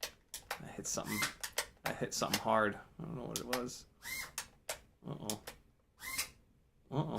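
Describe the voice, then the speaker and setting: A man hosting a casual live stream as an FPV drone pilot, excitable and jokey, swearing and laughing as he flies. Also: mid-range voice, moderate pace, vocal fry, pauses often, heavy background noise. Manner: excitable, exclaiming and swearing while flying.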